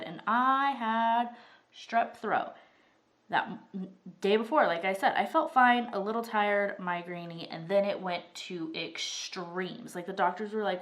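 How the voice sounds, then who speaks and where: A woman's voice: medium pitch, unhurried, fairly bright tone. A woman in her thirties, recovering from strep throat and breathing a little heavily, chatting and rambling casually while she works on a craft at her table. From Arizona, US. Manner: chatty, rambling, says "like" often. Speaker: vlogger.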